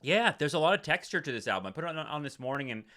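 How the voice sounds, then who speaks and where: A man's voice: fairly high pitch, expressive, rapid-fire, bright, forceful tone. A man co-hosting a casual music podcast, talking in an easygoing, wry way. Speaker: podcast co-host.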